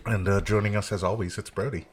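Male podcast host, low voice, casual joking banter. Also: fairly even intonation, fast, husky. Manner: joking, rambling with fillers. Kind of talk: casual chat over beers.

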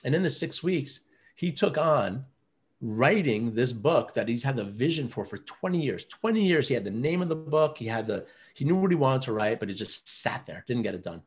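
With a mid-range, animated voice at normal speed, this men's coaching program leader tells stories earnestly in a casual interview. His talk is full of fillers such as "you know" and "like."

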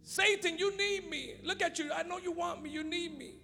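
High gravelly pastor guy preaching, yells then mutters, echoey church, music faint. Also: steady tone, normal speed. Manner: swings from shouting fervor to low muttering. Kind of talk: preaching sermon.

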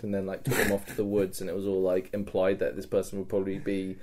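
Animated, sweary man telling a story. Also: lowish voice, brisk, hardly any pauses. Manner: animated and sweary, with frequent laughs and restarts. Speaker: podcast guest. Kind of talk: casual storytelling about a live-action role-play event.

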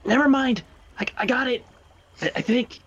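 A man voicing a nervous young man stuck in mud, pleading in a squeaky, panicky way. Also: moderate pace, a bit bright, slightly rough, lo-fi sound, exaggerated voice.

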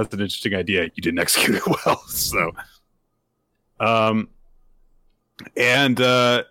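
A man talking loosely through a comic recap with plenty of fillers and the odd curse. His voice is lower-pitched yet bright and forward. It sits close and dry. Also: dry recording. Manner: rambling, filler-heavy, swearing freely. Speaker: podcast host. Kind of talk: casual manga review chat.

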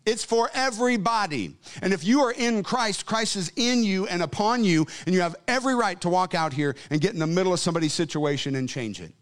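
A man preaching in a church service, his voice sitting slightly high and leaping around with great animation. He tells stories in a chatty way, then builds to fervent, loud calls. The sound is a live sermon on a stage microphone. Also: expressive, a little fast, hardly any pauses. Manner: fervent, swings from quiet to loud; conversational storytelling.

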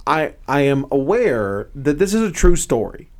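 A man co-hosting a casual movie review chat, animated and often laughing at himself. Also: a little high, unhurried. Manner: animated, laughing, self-questioning. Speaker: podcast co-host.

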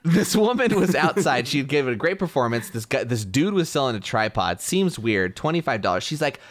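A man hosting a podcast, telling a story in a casual, animated way and laughing often. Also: medium pitch, fairly quick, dry recording, clean studio sound. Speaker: podcast host.

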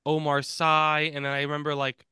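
A man co-hosting a movie podcast, chatting casually and reading out film stats with quick restarts. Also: fairly high pitch, monotone, sharp tone, clean tone, no room sound, clean studio sound. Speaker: podcast co-host. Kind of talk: casual chat.

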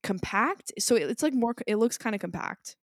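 A woman's voice: fairly high pitch, moderate pace, no echo, studio quality. A woman in her twenties co-hosting a podcast, telling a story in casual chat and acting out what people said. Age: 20s. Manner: animated storyteller acting out quotes. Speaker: podcast co-host.

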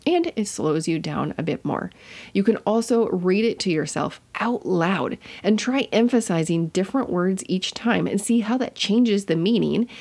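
Gravelly low-voiced woman podcast host. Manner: chatty and warm-hearted, with self-corrections. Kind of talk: casual teaching monologue.

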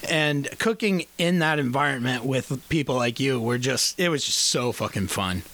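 A podcast host chatting on the phone in a loose, profane way, laughing often and rambling through restarts. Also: male voice, medium pitch, animated, normal speed, a bit bright. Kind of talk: casual phone chat.

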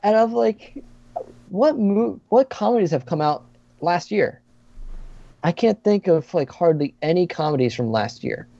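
A man's voice: high voice, expressive, a little slow, creaky, dark tone, no room sound. A man talking as a podcast guest in a casual chat, earnest and hesitant, with many fillers. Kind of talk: casual conversation. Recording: dull lo-fi sound.

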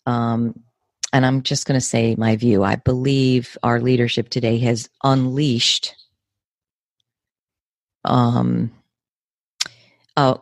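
A woman in her fifties with an American accent, speaking as an interview guest in a measured, emphatic way, often repeating words for stress. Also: rumbling low, no room sound, clean studio sound. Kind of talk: earnest conversational interview.

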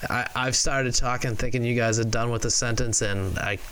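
A man hosting a casual sports podcast over an online call, quick and joking as he steers the talk. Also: mid-range voice, steady tone, a bit bright, slight background noise, rough recording. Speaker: podcast host.

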